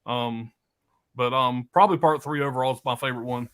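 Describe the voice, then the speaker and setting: A man's voice: mid-range voice, fairly even intonation, brisk, fairly bright tone, clear, resonant tone. A man co-hosting a casual movie stream, talking enthusiastically with profanity and hesitant fillers. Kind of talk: casual live-stream chat.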